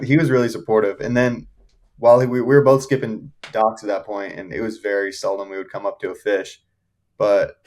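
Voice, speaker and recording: Young man excitedly recounting fishing stories. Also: lowish voice. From Shenandoah Valley, Virginia. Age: young adult. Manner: excited, laughs while telling stories. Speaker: podcast guest, angler. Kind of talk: casual storytelling.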